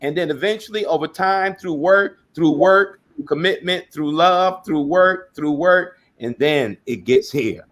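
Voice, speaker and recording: A middle-aged man from New York, a pastor, talking in a conversational sermon style and growing loud and animated when he tells stories. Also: a little high, unhurried, hardly any pauses.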